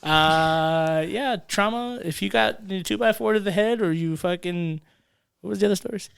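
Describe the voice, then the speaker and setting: A man's voice: high voice, normal speed, vocal fry, a bit bright, clean tone. A man co-hosting a podcast, joking and swearing in casual chat with frequent laughter. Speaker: podcast co-host.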